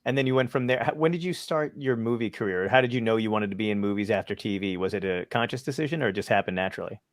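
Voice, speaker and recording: A man's voice: lowish voice, racing, dry recording, clean studio sound. A male host asking chatty, eager follow-up questions in a casual interview. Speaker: podcast host.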